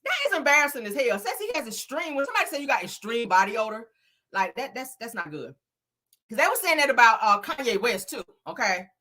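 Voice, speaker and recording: A woman's voice: on the high side, quick pace. A woman hosting a casual celebrity gossip show, sassy and profane, laughing often and talking straight to her viewers. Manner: animated, dramatic emphasis.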